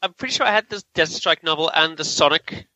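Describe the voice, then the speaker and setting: Quick, bright-voiced man on a podcast. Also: on the high side, no room sound, highs cut off. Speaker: podcast co-host. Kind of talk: casual podcast chat.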